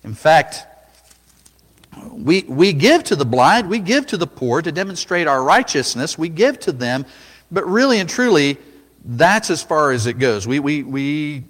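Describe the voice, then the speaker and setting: A man preaches a sermon in a voice of ordinary pitch, telling the story with drama. He drops low for quiet asides and climbs to loud cries when he quotes. His voice rings out with a long reverb, as in a large church hall.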